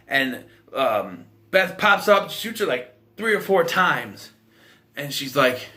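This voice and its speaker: A man's voice: on the high side, expressive, measured pace, bright, forceful tone. A man giving a casual spoken film review, rambling and repeating himself.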